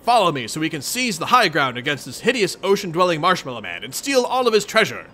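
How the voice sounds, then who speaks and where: A man's voice: fairly high pitch, sing-song, quick pace, bright, forceful tone, heavily acted. A man voicing a laid-back teenage boy hero who talks in a casual, offhand, sarcastic way.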